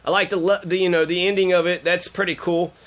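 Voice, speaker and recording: Sex: man. Role: political commentator. Style: profane ranting commentary. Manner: sarcastic, swears constantly. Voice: high, bright. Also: level tone, fast talker. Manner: sarcastic, heavy swearing, trails off in fillers.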